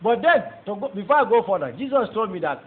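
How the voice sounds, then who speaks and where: Fast, fervent Nigerian man testifying. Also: high voice, big pitch swings. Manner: emphatic, repeats phrases, addresses listeners as brothers and sisters. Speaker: testifying convert. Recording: tinny phone-like audio with faint background noise.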